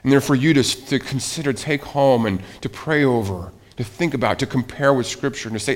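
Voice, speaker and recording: A man's voice: medium pitch, lively intonation, quick pace, few pauses. A man preaching as pastor from the pulpit and leading a spoken prayer, earnest and pleading, often restarting and repeating phrases.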